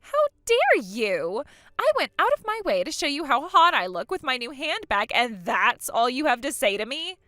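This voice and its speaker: A spoiled, vain younger sister, as a woman puts her on, taunting and giggling through every line. Her voice sits high and bright, swooping up and down, and it is close and dry. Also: animated, normal speed, hardly any pauses, no echo. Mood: gloating. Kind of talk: acted story dialogue.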